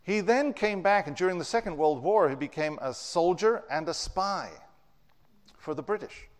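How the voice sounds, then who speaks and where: A man delivers a storytelling sermon, his voice pitched a little high for a man. His pitch and loudness rise and fall widely as he tells the story. The sound carries a long reverb, as if in a big church hall. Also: animated, moderate pace. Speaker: preacher.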